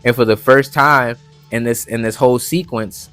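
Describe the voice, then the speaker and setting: A man recapping an anime episode in casual, animated commentary, full of slang and jokes. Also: mid-range voice, normal speed, smooth, dry recording, faint music behind. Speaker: anime reviewer.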